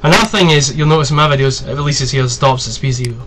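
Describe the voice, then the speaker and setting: A man in his twenties giving a casual, rambling tutorial, chatty and quick to swear. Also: medium pitch, noisy background. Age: 20s. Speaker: video tutorial host. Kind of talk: casual screen-recorded tutorial.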